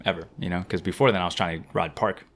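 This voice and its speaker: Fast-talking low-voiced man telling stories. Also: a little hiss or hum. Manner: animated, slangy anecdote-telling. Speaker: guest BMX rider. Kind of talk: casual storytelling.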